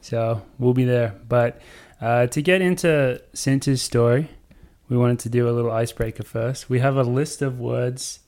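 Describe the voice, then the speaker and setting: A man hosting a podcast in a relaxed, chatty way. His voice sits at an ordinary middle pitch, and he laughs along with his guests. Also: moderate pace, hardly any pauses. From English-speaking country. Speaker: podcast host. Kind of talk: casual chat.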